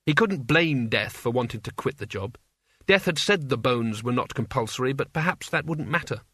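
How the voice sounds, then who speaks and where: A man reading an audiobook as its narrator, in an even, measured storytelling manner. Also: mid-range voice, slightly rough, dry recording, clean studio sound.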